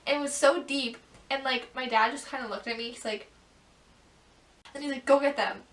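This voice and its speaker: A woman's voice: high voice, fairly even intonation, normal speed, a bit bright. A teenage girl vlogging, telling embarrassing stories in a chatty way, full of "like" and bursts of laughter. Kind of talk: casual storytelling to camera. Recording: echoey room, mic at a distance.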